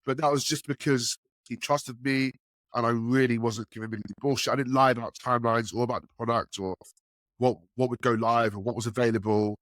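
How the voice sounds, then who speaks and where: Clean, echo-free studio audio carries a brisk man recounting enterprise sales stories for a podcast. His casual storytelling is animated, with quotes acted out at a higher pitch.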